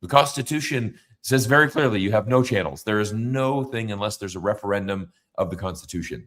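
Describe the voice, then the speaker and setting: A man with a low-pitched, fairly bright voice hosts a political livestream. He chats casually but rambles emphatically, full of fillers and restarts.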